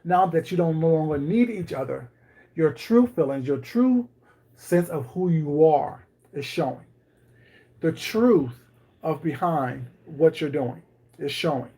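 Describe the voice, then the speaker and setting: Baking in a home kitchen, a livestream host chats casually with viewers, greeting them by name in a wry, ironic manner. The voice is mid-range, warm, and husky, with a measured pace.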